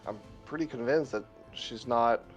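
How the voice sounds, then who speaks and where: A man's voice: medium pitch, normal speed, highs cut off, faint music behind. A man playing a tabletop game, speaking hesitantly and trailing off with fillers. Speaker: player. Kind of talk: casual tabletop game chat.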